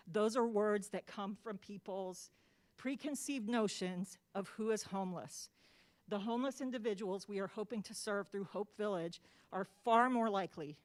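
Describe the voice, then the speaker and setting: An emotional woman addresses a city council in a mid-pitched voice. She speaks with impassioned emphasis, leaning on repeated phrases and stressing her words firmly as she argues her case. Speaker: public commenter advocating for a housing project. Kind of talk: public comment speech. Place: city council meeting chamber.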